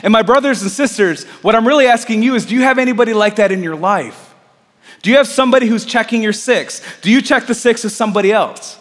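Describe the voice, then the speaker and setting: A man's voice: high-pitched, fast, fairly bright tone, long reverb tail. A man preaching a sermon in an earnest, conversational way, asking his listeners repeated questions. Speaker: pastor.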